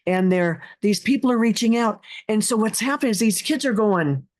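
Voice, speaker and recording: A woman's voice: mid-range voice, lively intonation, moderate pace. A middle-aged woman guest telling stories in an earnest, heartfelt way, with many restarts and fillers. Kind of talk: casual interview talk.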